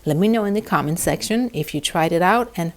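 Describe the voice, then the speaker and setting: A woman with a fairly low voice talks straight to her viewers in an earnest, encouraging self-help video. She slows down and lingers when voicing affirmations, leaning into each phrase. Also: animated. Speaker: wellness video host. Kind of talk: spoken self-help talk to camera.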